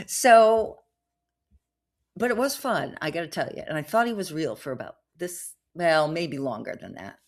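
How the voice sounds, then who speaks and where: Low-voiced chatty woman telling a story. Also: animated, moderate pace. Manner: chatty and rambling, many fillers and asides. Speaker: podcast host. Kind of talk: casual storytelling monologue.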